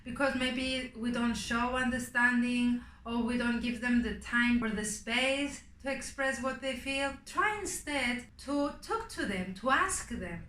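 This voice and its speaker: A woman hosting a parenting advice show, speaking gently and acting out example conversations with children. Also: fairly high pitch, measured pace, few pauses, a little hiss or hum. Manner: gentle, acts out example dialogues. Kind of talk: advice talk to camera. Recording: roomy echo.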